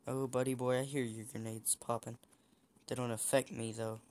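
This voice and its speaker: A man's voice: medium pitch, flat delivery, normal speed, darkish tone. A young man giving casual, chatty commentary while playing a shooter game, teasing the other players. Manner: chatty, teasing opponents, frequent restarts. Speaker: gameplay streamer.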